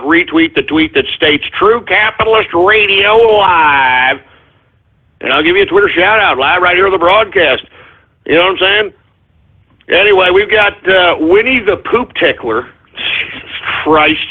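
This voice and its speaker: Male radio host, loud and mocking, given to profane outbursts, with a husky voice on a tinny phone-quality line. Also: fairly high pitch, animated, moderate pace. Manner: brash, profane and mocking, with sudden shouts. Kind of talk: live internet radio rant.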